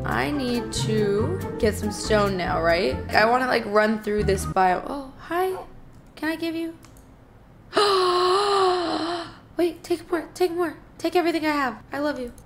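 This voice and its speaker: A young woman streaming a game in casual chatter, excitable, gasping and cursing at what happens on screen. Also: high voice, takes it slowly. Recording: music playing behind her.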